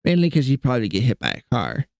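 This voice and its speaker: A man's voice: mid-range voice, huge pitch swings, fast, creaky, a little mellow, dry recording. A young man streaming from his computer desk at home, rambling and joking with his chat and talking to his cats. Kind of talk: casual live-stream chat.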